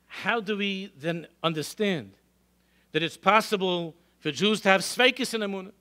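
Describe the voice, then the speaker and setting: Bright-voiced rabbi telling stories. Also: male voice, high-pitched, moderate pace. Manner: animated storytelling with rhetorical questions. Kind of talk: lecture to a congregation. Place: synagogue hall.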